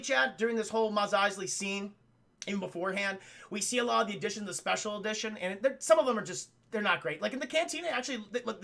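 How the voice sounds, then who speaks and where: A young male streamer retells a film to his chat, excited and profane, and keeps calling out to the viewers. His voice is high and bright with a steady gravelly fry. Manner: animated, profane, addresses chat. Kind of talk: casual livestream movie retelling.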